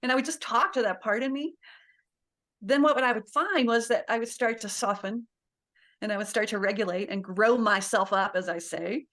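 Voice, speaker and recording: A woman's voice: medium pitch, normal speed, a bit bright. A middle-aged woman, a parenting guest, talking casually and laughing often as she acts out little quotes. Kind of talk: casual interview talk.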